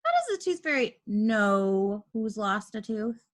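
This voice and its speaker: A woman voicing a mischievous, greedy young boy in a storybook reading, sounding sneaky and excitable. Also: medium pitch, measured pace. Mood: scheming.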